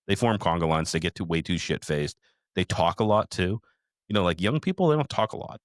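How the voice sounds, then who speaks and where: Deep-voiced profane podcast host. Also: male voice, sing-song, a little fast, no echo, studio quality. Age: middle-aged. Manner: profane, rambling storytelling. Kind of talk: casual recap chat.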